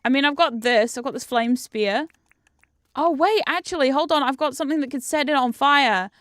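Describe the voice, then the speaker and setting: A woman giving casual game commentary as a streamer. She gets excitable, swears often and jumps into squeals. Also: high voice, normal speed, dry recording, studio quality. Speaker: VTuber streamer.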